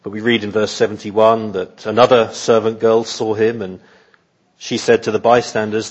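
A man preaching an expository sermon in an earnest, measured way, often repeating words as he thinks. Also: fairly low pitch, flat delivery, dull audio.

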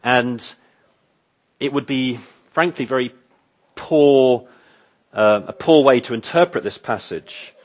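A man delivers a sermon in a slow, deliberate way, leaning hard on repeated phrases for emphasis. His voice is slightly husky and sits in a middle register. The recording is muffled and lo-fi. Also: mid-range voice. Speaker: pastor.

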